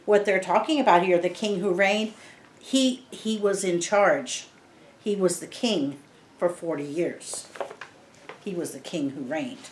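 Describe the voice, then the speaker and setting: Speaking a little slowly in a lowish voice, a woman reads a picture book to children and patiently breaks down each word into simple language. The read-aloud lesson carries a roomy echo.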